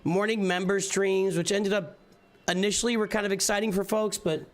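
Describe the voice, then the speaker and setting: A man's voice: sits high, steady tone, normal speed. A middle-aged man hosting a casual morning live stream, rambling and often restarting his sentences as he thinks aloud. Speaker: streamer and channel host.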